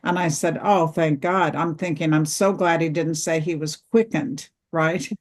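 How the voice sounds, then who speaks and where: A middle-aged woman, an author and interview guest, telling a personal story slowly and earnestly, acting out the dialogue. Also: low voice, steady tone.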